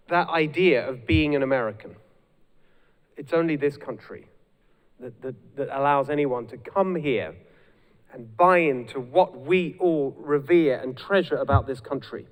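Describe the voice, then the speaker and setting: A man with a British accent giving an energetic live speech as a guest speaker, rallying the crowd. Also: mid-range voice. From United Kingdom. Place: large hall with a live audience. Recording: long hall reverb.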